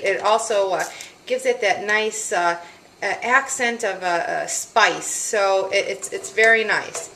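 A young woman hosting a casual cooking demonstration, chatting in a relaxed way with lots of "uh" and "um" fillers. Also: a little high, reverberant. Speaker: cooking show host.

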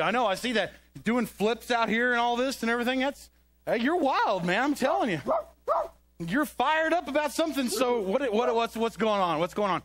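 A man runs a comedic children's skit on a church stage, speaking into a handheld microphone. His voice sits high, and he keeps scolding and coaxing a playful puppet dog, sounding exasperated. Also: fairly bright tone, no room sound. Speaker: children's ministry presenter.

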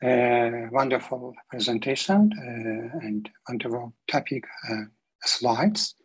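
A woman in the audience asking a question in a webinar, halting and polite. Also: extremely low pitch, husky, poor audio. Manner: halting, polite, repeats thanks.

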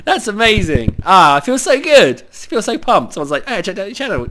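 A man with a cold giving excitable live commentary over his own gameplay, cheering on teammates and talking to himself. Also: sits high, fairly quick, hardly any pauses. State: has a cold.

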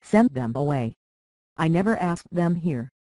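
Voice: mid-range voice, expressive, unhurried, dark tone, no room sound, natural voice. Audiobook: petulant boy lord, whiny and pleading, read by the narrator, dry close mic. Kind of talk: audiobook character reading.

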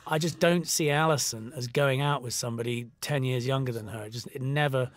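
A man's voice: mid-range voice, brisk. A man from the United Kingdom talking through a film commentary in a loose, conversational way with many fillers. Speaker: film director.

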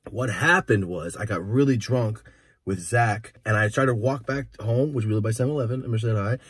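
A young man vlogging from inside a car, telling profane, animated stories in casual chat. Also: lowish voice, brisk, husky, dry recording, clean studio sound.

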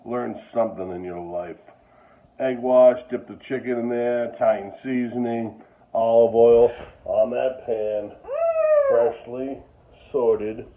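A man's voice: medium pitch, steady tone, takes it slowly, slight background noise. A man talking casually while he cooks in his home kitchen, joking around and sliding into angry political rants. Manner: goofy, jokey, turns to angry political ranting. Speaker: home cooking vlogger. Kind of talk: casual cooking chat and rant. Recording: tinny phone-like sound.

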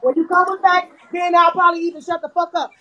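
A woman's voice: very high voice, little pitch movement, quick pace, sharp tone, highs cut off. A woman from South Carolina, ranting on a live stream in a profane, defiant way, hurling repeated insults. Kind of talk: heated live-stream rant. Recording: echoey room from a distance, faint noise.

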